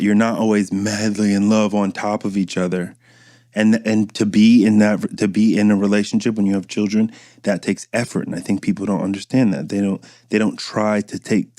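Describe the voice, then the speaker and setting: A man's voice: on the low side, mellow, no echo, studio quality. A man in his thirties, a podcast host, chatting in a casual, rambling and profane way and acting out voices he quotes. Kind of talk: casual chat.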